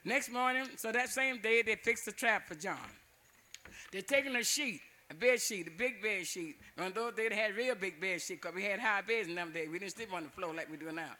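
An older man tells a folk tale in a loose, repetitive style with frequent chuckles. His voice sits high. Its tone is bright and forward. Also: brisk. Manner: chuckling, dialect-rich, repetitive. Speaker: storyteller.

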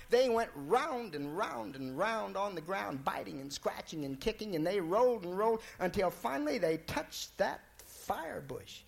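A man telling a folk tale in a drawling, folksy, relaxed way. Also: high voice, gravelly. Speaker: storyteller.

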